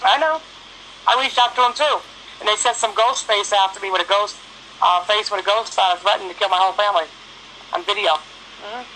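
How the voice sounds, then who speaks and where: A woman's voice: mid-range voice, a little fast, bright, forceful tone, slight background noise, rough recording. A woman, talking bluntly and profanely in a casual phone chat, telling stories with quoted back-and-forth.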